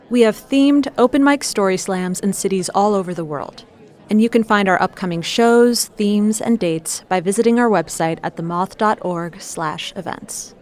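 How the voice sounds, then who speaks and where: A woman hosting a storytelling show, reading the links in a calm, measured way. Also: mid-range voice. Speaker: host. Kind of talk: scripted narration.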